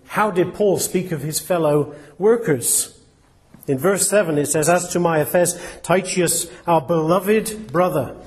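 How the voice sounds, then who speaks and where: A man delivers a sermon in an earnest, plain-spoken way. His voice sits a little high for a man. He often restarts his sentences and puts searching questions to his listeners. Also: darkish tone. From England. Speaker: preacher.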